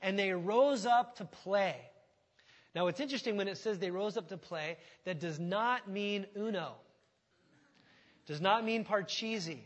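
A male pastor preaching a sermon with animated storytelling, swinging from loud bursts to hushed tones. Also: high voice, unhurried.

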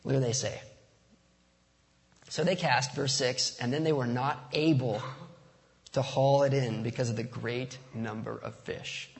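A man's voice: medium pitch, steady tone, measured pace, gravelly, long pauses. Joking male pastor in a reverberant hall. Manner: casual, joking, conversational preaching. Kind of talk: sermon. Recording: long reverb of a large hall.

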